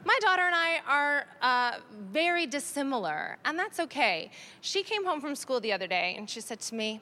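A woman comedian performs a stand-up set on stage into a handheld mic. Her voice sits high and bright, and it swings widely. She talks in a sardonic, animated way and laughs through her punchlines. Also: normal speed, few pauses. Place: comedy stage with live audience.

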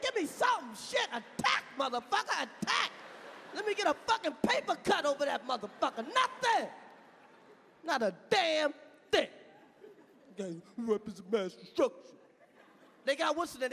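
A man doing a live stand-up routine, profane and animated, shouting his punchlines. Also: extremely high pitch, slight background noise. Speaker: stand-up comedian. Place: stage in a large hall. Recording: live venue with reverb and audience.

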